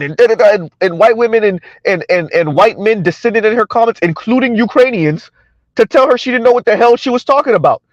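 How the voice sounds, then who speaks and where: High-voiced blunt man lecturing. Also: lively intonation, normal speed, dry recording. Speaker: commentary channel host. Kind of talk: casual social media commentary. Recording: dry, dull lo-fi sound.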